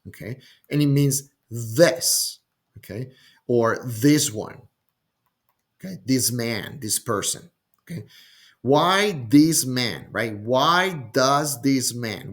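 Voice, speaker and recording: A man teaching a Bible passage word by word, speaking slowly and deliberately, often pausing with "um" and checking in with "okay?". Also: medium pitch. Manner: slow and deliberate, frequent "okay?" and "um", repeats words while thinking. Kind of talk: slow explanatory lesson.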